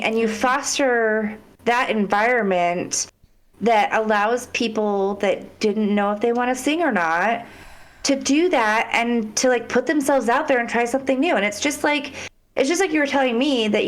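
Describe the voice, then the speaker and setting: A woman's voice: on the high side, moderate pace. A woman guest on a podcast, talking in a heartfelt, rambling way in casual interview chat.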